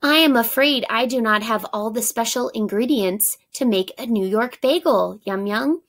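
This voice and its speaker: A woman voicing a kind woman baker in a storybook, speaking politely and gently. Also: on the high side, moderate pace. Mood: apologetic.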